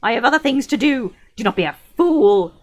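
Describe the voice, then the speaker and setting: Saruman, a woman putting on a shrill screeching old wizard. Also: lively intonation, fairly quick. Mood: scornful rage. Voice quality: shrill, screaming. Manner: mocking and sneering. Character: old male wizard, furious and scornful.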